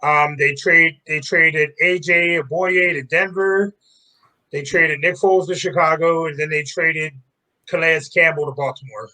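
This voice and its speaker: A man's voice: fairly high pitch, steady tone, unhurried, bright, forceful tone, poor audio. A man co-hosting a sports podcast, casually running through teams and trades one by one.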